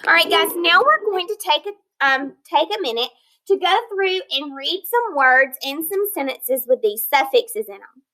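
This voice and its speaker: High-voiced woman teaching phonics slowly. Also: animated, sharp tone, poor audio. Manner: slow, deliberate, sounding out word parts; encouraging, checks in with "okay?". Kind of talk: recorded online lesson.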